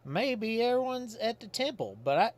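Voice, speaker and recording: A man's voice: very high voice, big pitch swings, pitched above the performer's own voice. A man doing Godfrey, a folksy country fellow. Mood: folksy, chatty. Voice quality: folksy country dialect, drawn-out storytelling. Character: simple folksy rural man, old Godfrey.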